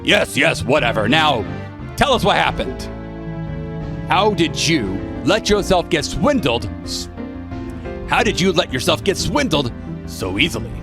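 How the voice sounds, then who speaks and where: A man's voice: a little high, very animated, unhurried, long pauses. A pompous old judge voiced by a man speaks in formal, dry tones that still move around a lot. Game music plays behind him. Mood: dismissive.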